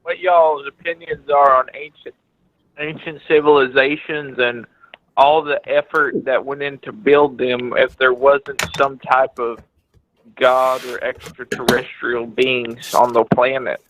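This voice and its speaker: A man calling into a live show, talking in a halting drawl. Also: medium pitch, level tone, fairly bright tone, slight background noise. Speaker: caller. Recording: muffled lo-fi phone line.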